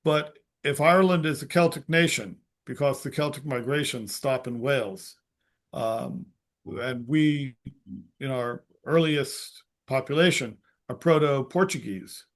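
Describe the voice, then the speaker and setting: A man telling a story as a podcast guest, halting and restarting, acting out the quotes. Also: medium pitch. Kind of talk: storytelling in conversation.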